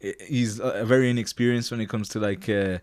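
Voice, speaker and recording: Male podcast co-host, low-pitched, hesitant casual chat, dry recording. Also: steady tone, a little fast, darkish tone, clean tone, no echo. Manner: hesitant, many fillers, laughs at the funny bits.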